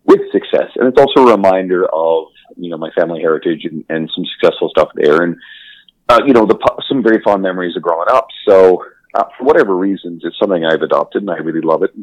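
A man co-hosting a podcast in casual chat, enthusiastic and quick to laugh, swearing freely. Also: low voice, no room sound, low-quality recording. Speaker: podcast co-host.

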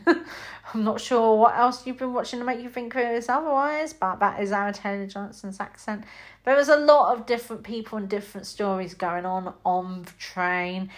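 Chatty British woman reviewing a film. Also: medium pitch. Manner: chatty and rambling, with many fillers and acted-out reactions. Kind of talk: casual spoken film review.

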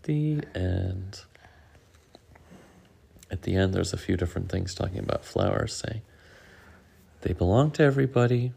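A man reading a picture book aloud to a child at home, relaxed and stopping to ask questions. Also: low voice, normal speed, vocal fry, long pauses, husky.

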